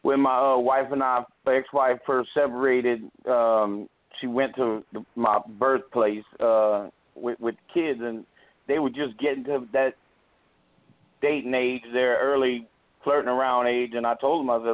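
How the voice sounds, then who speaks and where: A man's voice: medium pitch, steady tone, measured pace, no room sound. A middle-aged man calling in to a radio show, loose, playful and laughing as he talks. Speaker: caller. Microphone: phone. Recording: tinny phone line.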